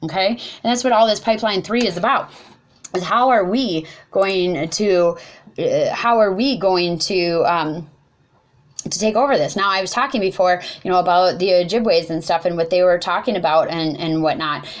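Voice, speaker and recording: A young woman giving an impassioned speech, her voice rising and growing loud when upset, often tripping over words and apologizing. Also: fairly low pitch, moderate pace. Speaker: speaker at a protest talk.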